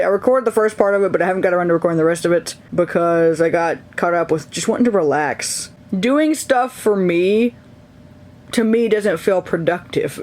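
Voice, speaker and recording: A young adult man chatting casually from his bed in a vlog, rambling and candid, laughing often. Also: high voice. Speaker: video creator. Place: his bedroom, lying in bed.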